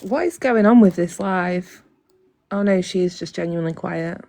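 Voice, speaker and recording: A woman's voice: lowish voice, moderate pace, mellow, no echo. A woman hosting a casual livestream on a phone mic, blunt and profane, talking straight to her viewers. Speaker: livestream host.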